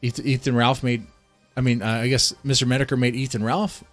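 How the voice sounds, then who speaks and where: A male streamer ranting to his chat with heated, profane outbursts, repeating lines and tripping over restarts. His pitch sits in an ordinary middle range. Soft music plays underneath. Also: little pitch movement, fairly quick. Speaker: streamer reacting to a video. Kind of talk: casual live-stream rant.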